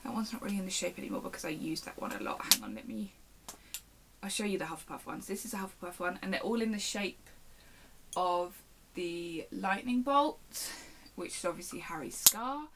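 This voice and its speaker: A woman's voice: fairly low pitch, expressive, fairly quick. Young woman vlogging at home, rambly and chatty, slight background hiss. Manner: chatty, rambling, self-interrupting. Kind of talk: casual show-and-tell chat.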